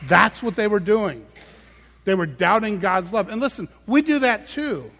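A man's voice: high voice, lively intonation, a little slow, a bit bright. A male pastor preaching a sermon with emphatic, repeated phrases. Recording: reverberant hall sound.

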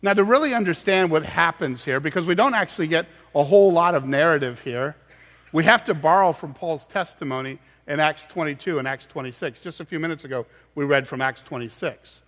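A man's voice: on the high side, brisk, a bit bright, big-room sound. A man preaching a sermon as pastor, earnest and explanatory, often restarting his words.

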